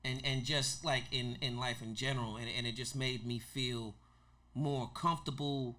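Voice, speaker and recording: A man hosting a podcast in casual chat, animated and repeating himself as he talks. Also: medium pitch, moderate pace. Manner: animated, repeats words, says "you know what I mean". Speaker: podcast host.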